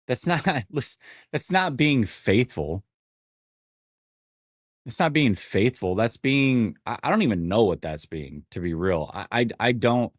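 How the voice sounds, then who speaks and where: A man's voice: on the low side, dry recording, clean studio sound. Frustrated man in his 40s venting. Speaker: sports show host. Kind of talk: live-stream sports rant, reading chat.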